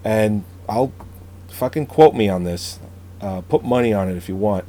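A man's voice: fairly low pitch, moderate pace, dark tone. Blunt, opinionated man in casual chat. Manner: opinionated, blunt, swears freely.

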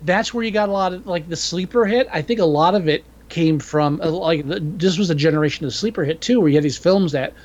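A man's voice: on the high side, fairly quick, hardly any pauses, darkish tone, highs cut off. A man co-hosting a podcast, chatting casually about a horror film with profanity and rambling opinions. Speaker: podcast co-host. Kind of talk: casual movie review chat.

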